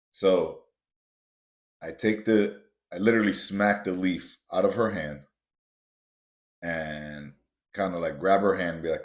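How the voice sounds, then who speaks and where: Male podcast host, low voice, casual motivational storyteller who hammers points home, roomy echo. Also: fairly even intonation, a little slow, long pauses. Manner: builds to emphatic, repetitive punches; casual, addresses listeners as guys.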